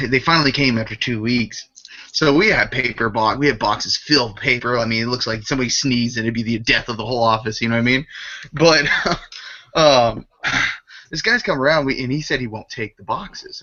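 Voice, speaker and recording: A man's voice: mid-range voice, brisk, pushed and bright. A man telling a funny story in casual chat, often laughing as he talks. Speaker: podcast co-host. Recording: dull lo-fi webcast audio.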